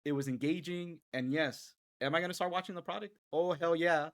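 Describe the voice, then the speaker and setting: A man's voice: a little high, a little fast. A man co-hosting a casual wrestling podcast, speaking candidly and emphatically. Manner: candid and emphatic, building to loud enthusiasm. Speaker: podcast co-host.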